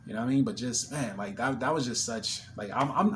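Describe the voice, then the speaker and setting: A man's voice: mid-range voice, a little fast, a bit bright, slight background noise. A man vlogging, casually telling an emotional story and retelling a conversation line by line. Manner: emotional, retelling a conversation with quoted back-and-forth.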